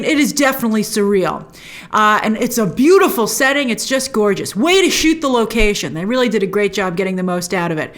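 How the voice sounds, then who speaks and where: A woman hosting a casual TV episode review, animated and quick to act out lines from the scenes in put-on voices. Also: on the high side. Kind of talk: casual chat.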